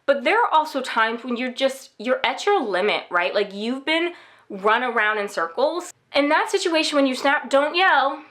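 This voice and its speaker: A woman's voice: sits high, lively intonation, moderate pace, fairly bright tone. A young American woman giving candid, casual advice in a chatty vlog monologue, full of fillers. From United States. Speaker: vlogger.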